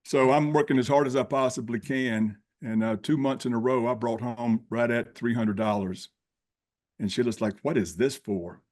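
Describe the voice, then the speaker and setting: A man's voice: medium pitch, moderate pace. A man in his sixties, a podcast guest, telling his life story in a folksy, plain-spoken way and acting out the dialogue. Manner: animated storyteller who acts out dialogue. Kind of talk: personal storytelling.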